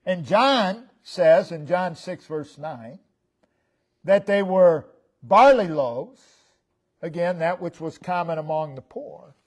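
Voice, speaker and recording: Slow, emphatic preaching man. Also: high voice. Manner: emphatic preaching, stresses single words, swings loud and soft. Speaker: pastor. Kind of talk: sermon. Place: church sanctuary.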